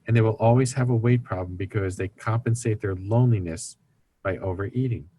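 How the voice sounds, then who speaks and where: A man with a somewhat low-pitched voice speaks as an interview guest. His tone is earnest and instructive, and he slips into brief put-on voices when he quotes other people. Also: a little fast, dark tone, husky. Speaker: guest speaker on recovery ministry. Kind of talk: explaining in an interview.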